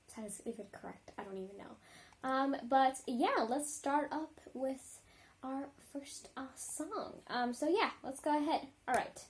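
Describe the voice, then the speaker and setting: Rambling casually as she reacts to music, a high-voiced woman vlogger fills her talk with ums and likes and apologizes quickly.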